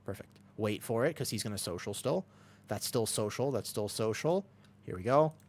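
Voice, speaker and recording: A man's voice: on the low side, animated, normal speed, a little mellow. A young man streaming a game, chatting casually and rambling as he answers chat between callouts. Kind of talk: casual chat while gaming.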